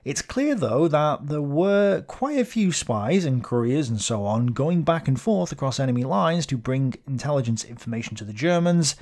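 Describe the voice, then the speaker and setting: A man hosting a history video, giving scripted narration in a measured, explanatory way with dry asides. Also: a little high, expressive, darkish tone.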